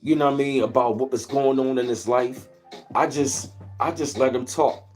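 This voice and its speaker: A man's voice: mid-range voice, moderate pace, a little mellow. A man talks loosely and at length on his own livestream, drifting through easygoing stories in a mid-range voice. Now and then he stops to greet viewers by name. Faint music plays behind him. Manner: rambling, laid-back storytelling, greets viewers in between. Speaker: livestream host. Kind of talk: casual livestream chat. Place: at home, where he lives in Maryland.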